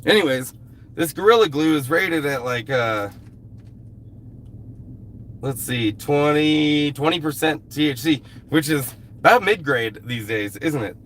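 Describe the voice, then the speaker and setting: A man's voice: fairly high pitch, expressive, unhurried, a bit bright, slight background noise. A man chatting casually on a live stream, blunt and swearing freely, fighting a cold. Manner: blunt, heavy swearing, irritated with a commenter. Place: outdoors at a rural camp.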